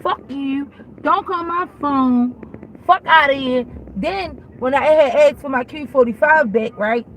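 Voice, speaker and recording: A woman's voice: high voice, unhurried, fairly bright tone, poor audio. A woman telling a heated, profane storytime rant while in her car, repeating herself. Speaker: vlogger. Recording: car noise behind voice.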